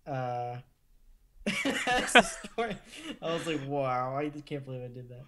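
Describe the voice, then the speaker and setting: A man co-hosting a podcast, telling stories in a casual, animated way with lots of swearing. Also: medium pitch, a crowd in the background. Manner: animated, profane, quick asides. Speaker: podcast co-host. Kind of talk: casual profane storytelling.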